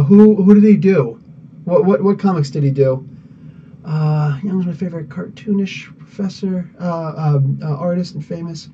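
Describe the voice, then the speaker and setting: A man's voice: a little high, dark tone, slight background noise. A man hosting a live podcast, chatting casually and rambling as he greets viewers by name. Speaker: podcast host. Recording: dull sound, mic somewhat distant.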